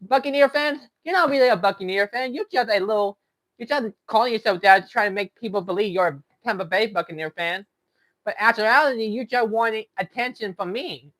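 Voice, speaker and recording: A man's voice: high voice, a little fast, a bit bright. A man streaming a game live, taunting and arguing with a viewer in chat. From Texas. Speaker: livestreamer. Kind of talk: live gaming stream talk.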